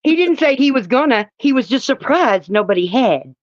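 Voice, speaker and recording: Brief: high-voiced woman, casual stream co-host, cooing baby talk, dull lo-fi audio. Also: big pitch swings, moderate pace, dry recording. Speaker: livestream co-host. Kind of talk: casual livestream chat.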